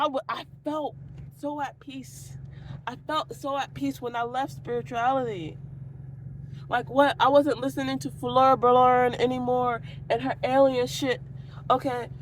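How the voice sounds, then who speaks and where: A woman's voice: high-pitched, fairly even intonation, normal speed, a little hiss or hum. Profane rambling woman ranting. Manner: profane, goes off on tangents, laughs a lot. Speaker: vlogger. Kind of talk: rambling casual rant.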